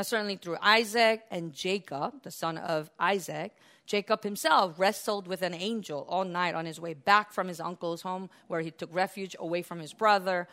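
A woman preaching a sermon with a bright, forceful voice. She tells the scripture as a lively story, breaking into laughs and acting out the quotes. Her pitch sits in a middle range for a woman.

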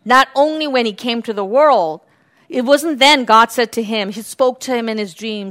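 A woman preaching a sermon, swinging from hushed near-whispers to fervent, raised passages. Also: a little high, moderate pace.

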